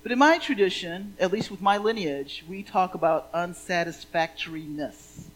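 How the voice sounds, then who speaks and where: A woman's voice: fairly low pitch, normal speed, rough recording. A woman minister giving a sermon in a playful, conversational way.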